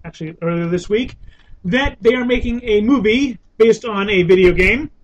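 High-pitched hesitant man chatting. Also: normal speed, highs cut off. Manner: hesitant, restarts often with "uh". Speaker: podcast co-host. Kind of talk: casual group chat.

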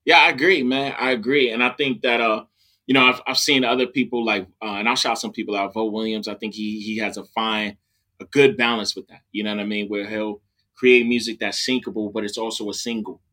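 Bright-voiced man chatting casually. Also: lowish voice, brisk. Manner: animated, punctuates with "you know what I'm saying". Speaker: rapper and music licensing artist. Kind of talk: casual podcast conversation.

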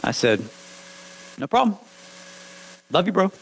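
A man preaching a sermon, telling his own testimony with animated storytelling that swings from hushed lines to loud ones. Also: high-pitched, measured pace, gravelly, a little hiss or hum, rough recording. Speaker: pastor.

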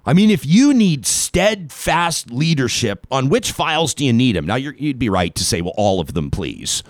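A man's voice: on the high side, very animated, dry recording, clean studio sound. A man from Canada hosting a radio talk show, delivering a sarcastic political commentary monologue that leans hard on key words. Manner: emphatic, sarcastic, dramatic pauses on key words.

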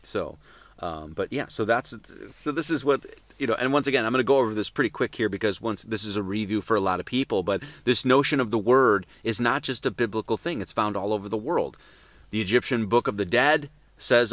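A man's voice: on the low side, brisk, no echo. Emphatic preacher man, dry sound. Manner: emphatic, swings from loud to hushed, many restarts. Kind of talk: Sunday service teaching.

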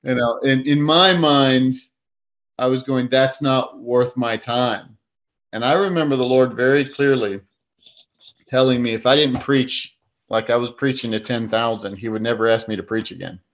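Male preacher, chatty storyteller, mid pitch, dull low-fi sound. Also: moderate pace. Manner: animated storyteller, acts out his own thoughts with fillers and laughs. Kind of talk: casual storytelling in a faith discussion.

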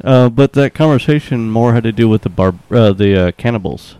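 A man's voice: medium pitch, brisk, warm tone, clean tone, no echo. A man playing a tabletop game, chatting casually and hesitantly, with plenty of fillers. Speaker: player.

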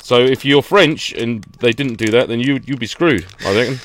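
A man's voice: medium pitch, moderate pace, hardly any pauses, background noise. A man co-hosting a podcast, ranting with laughter in a casual chat. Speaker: podcast co-host.

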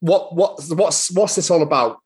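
A man's voice: a little high, moderate pace. A man co-hosting a podcast, steering the talk with friendly questions. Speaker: podcast co-host. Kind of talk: casual interview chat.

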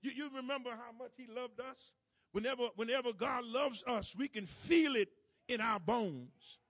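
A man preaching a sermon to a congregation in a church, calling for responses and repeating phrases as he builds to shouts. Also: very high-pitched, normal speed, dry recording.

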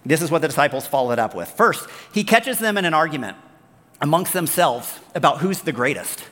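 A man's voice: fairly high pitch, fairly quick. Pastor guy giving a chatty sermon, voice bounces all over, long echo in a big hall. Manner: animated, conversational, storytelling, acts out the characters.

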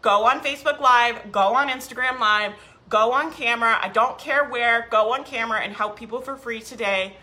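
A woman's voice: on the high side, moderate pace, pushed and bright. Upbeat woman coaching on a live stream. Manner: upbeat, emphatic, repeats key phrases. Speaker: online business coach. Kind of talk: live stream chat, reading viewer comments.

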